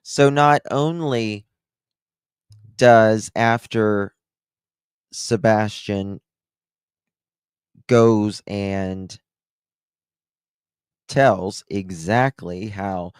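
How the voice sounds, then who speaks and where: A man hosts a reaction commentary show, his tone sarcastic and incredulous. He talks at an unhurried pace with a lowish voice. The sound is dry, with no room echo. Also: darkish tone, smooth. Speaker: commentary channel host.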